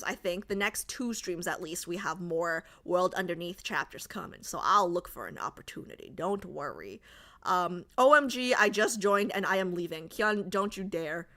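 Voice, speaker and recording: A woman's voice: fairly low pitch, bright, forceful tone. A woman streamer in casual livestream chat, joking and reading out and answering her chat. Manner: chatty, jokey, reads and answers chat aloud.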